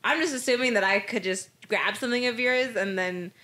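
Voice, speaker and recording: A woman's voice: fairly high pitch, a little fast, pushed and bright. An American woman co-hosting a casual true-crime podcast, recapping a case with frequent swearing and laughter. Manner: irreverent, swears freely, laughs often. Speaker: podcast co-host.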